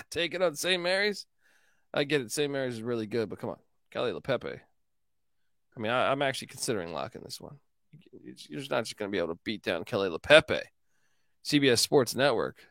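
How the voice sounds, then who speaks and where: A man's voice: medium pitch, expressive, brisk, long pauses, fairly bright tone, no echo, studio quality. A man hosting a casual sports betting show, loose and joking, swearing and laughing as he gives his picks. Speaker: sports betting podcast host.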